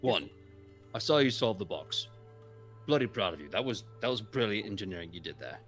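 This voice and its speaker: A man playing a friendly, encouraging leader, who speaks earnestly and praises warmly. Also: on the low side, expressive, brisk, soft background music. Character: friendly older-brother leader, warm and encouraging.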